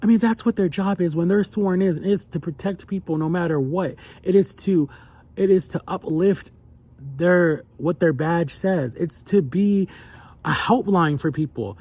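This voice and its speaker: A man's voice: high-pitched, unhurried, a little mellow. A young adult man talking earnestly and emotionally in a personal vlog, his voice climbing when he gets upset. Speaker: vlogger.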